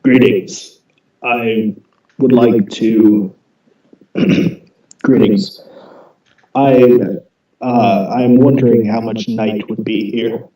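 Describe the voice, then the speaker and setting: A man's voice: fairly low pitch, fairly even intonation, extremely slow, pauses often, dark tone, recorded from a distance. A man playing a tabletop game, speaking hesitantly and stammering as he plays his character. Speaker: player. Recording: roomy, from off mic.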